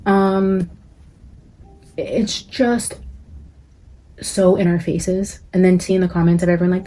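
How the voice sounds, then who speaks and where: On her psychic channel, a woman with a mellow voice on the low side talks at a normal speed in a steady tone, with slight background noise behind her. She vents to her viewers in loose, profane remarks packed with "like" and "guys."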